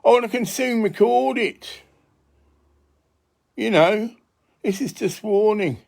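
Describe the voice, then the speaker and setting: Older man, high voice, gravelly, slow drawl, profane laughing rant. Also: darkish tone. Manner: crude, swearing, laughing rant. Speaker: self-styled spiritual healer. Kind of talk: casual rambling monologue.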